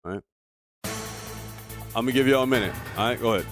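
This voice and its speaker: A man's voice: mid-range voice, fast, music in the background. A man streaming live, talking heatedly and profanely to his chat as he reacts to a video. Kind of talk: casual livestream commentary.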